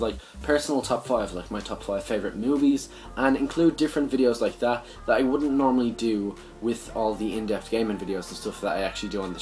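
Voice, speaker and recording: A young man with an Irish accent hosting a casual vlog, rambling with lots of "sort of" and frequent swearing. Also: mid-range voice. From Ireland. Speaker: gaming channel host.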